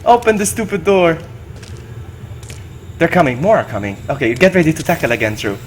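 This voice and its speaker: A man streaming a co-op game, chatting excitedly with his partner and repeating himself as he reacts. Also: on the high side, fairly quick, a little hiss or hum. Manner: excitable, yelps and laughs often, repeats himself. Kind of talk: excited gaming commentary.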